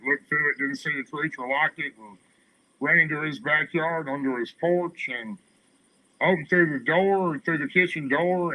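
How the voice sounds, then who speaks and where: Male interviewee, tense and bright tone, halting first-person storytelling. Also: mid-range voice, rough recording. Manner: halting, repeats words at starts of phrases. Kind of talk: recounting a personal encounter story.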